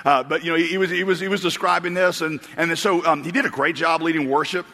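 A man's voice: fairly high pitch, fairly even intonation, fast talker, pushed and bright. A male pastor preaching a sermon, telling funny stories in a rambling, chuckling way. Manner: rambling storyteller, chuckles and restarts. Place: church auditorium. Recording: long reverb of a large hall.

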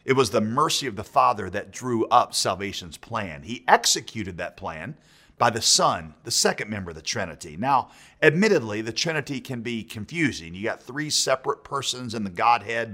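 A man's voice: on the low side, lively intonation, moderate pace, pushed and bright. A man preaching a sermon in a conversational way, with frequent restarts and rhetorical questions. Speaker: pastor.

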